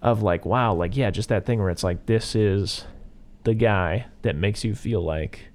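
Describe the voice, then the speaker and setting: A man's voice: lowish voice, a little slow, darkish tone. A young man co-hosting a podcast, recapping a film in rambling casual chat, full of "like" and "you know". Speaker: podcast co-host.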